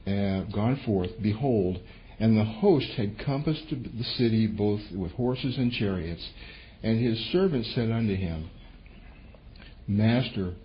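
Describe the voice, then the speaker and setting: A man preaching a sermon, telling a scripture story with lively, animated delivery and voicing the characters' words. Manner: animated storytelling, voices quotes with sudden pitch jumps. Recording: dull lo-fi recording with faint noise.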